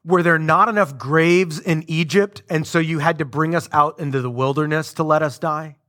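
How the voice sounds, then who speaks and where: A man voicing frightened, sarcastic Israelites in a sermon retelling, with a low mocking tone. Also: normal speed, sharp tone. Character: grumbling sarcastic crowd of frightened former slaves.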